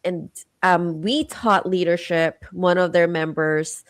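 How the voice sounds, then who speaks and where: A woman co-hosting a podcast, chatty and quick to laugh and tease. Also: fairly low pitch, steady tone, dry recording. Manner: laughing, teasing, warm storytelling. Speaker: podcast co-host. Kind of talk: casual interview chat.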